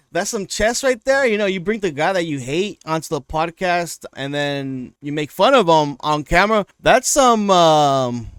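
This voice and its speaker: A man's voice: fairly high pitch, lively intonation, measured pace, fairly bright tone, smooth, no room sound, clean studio sound. A man hosting a reaction video, commenting casually and rambling as he thinks aloud.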